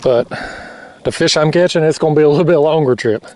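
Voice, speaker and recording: A man, chatting excitedly in a fishing vlog from a kayak on open water at night, laughing often and out of breath. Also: fairly high pitch, fast, distant mic. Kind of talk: casual vlog narration.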